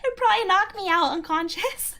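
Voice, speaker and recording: Giggly female streamer: very high, bright voice, unhurried casual chat. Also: animated. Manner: giggly, playful, chatty.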